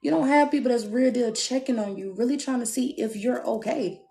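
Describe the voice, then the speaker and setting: A woman giving a live-streamed love reading, blunt and animated, with playful asides. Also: a little high, a little fast, vocal fry, faint music behind. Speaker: tarot reader. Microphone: phone.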